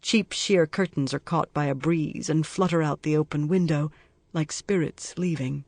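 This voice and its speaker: A man reading a crime novel aloud in even, measured scripted narration. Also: a little high, dry recording. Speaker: audiobook narrator.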